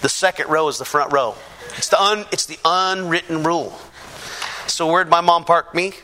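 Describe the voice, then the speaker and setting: Pastor guy preaching his testimony in a church, bright sharp voice, acts out everyone's lines. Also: a little high, normal speed, a little hiss or hum. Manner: animated storyteller, acts out quoted voices. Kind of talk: testimony sermon. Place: church before a congregation.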